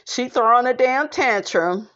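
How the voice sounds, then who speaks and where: A woman's voice: on the high side, unhurried, lo-fi sound. A woman giving a sassy, casual gossip recap of a reality show, peppering her talk with "honey" and pointed asides. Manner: sassy, calls listeners honey, lively asides.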